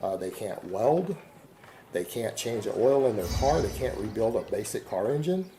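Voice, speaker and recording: Defiant rambling man, dark voice. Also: fairly low pitch, very animated, moderate pace, slight background noise, rough recording. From Texas. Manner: defiant, rambling, rhetorical questions. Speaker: online video creator. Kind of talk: casual monologue to camera.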